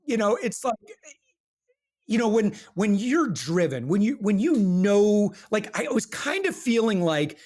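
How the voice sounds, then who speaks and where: A man speaks as a podcast guest, his fairly high voice swinging widely in pitch. He tells his story earnestly and animatedly, often restarting his sentences as he goes. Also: big pitch swings, a little slow, a little mellow. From Michigan, USA. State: briefly emotional while recalling hard times. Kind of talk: casual interview talk.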